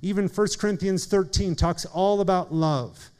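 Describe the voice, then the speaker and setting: A man preaching a sermon in an earnest way, speeding up and slowing down for emphasis and calling on listeners by name. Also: high-pitched, a little mellow, clear, resonant tone. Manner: earnest preaching, shifting pace and volume for emphasis. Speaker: pastor.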